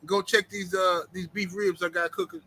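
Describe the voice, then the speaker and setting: A man hosts a live stream from home, and his voice sits high and very bright. He talks in an animated, joking, slangy way. Faint noise hums behind him. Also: moderate pace, rough recording. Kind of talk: casual live stream chat.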